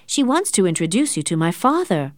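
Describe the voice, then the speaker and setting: A woman doing a loud, teasing young woman. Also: fairly low pitch, very animated, brisk, dry recording, clean studio sound. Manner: loud and bold.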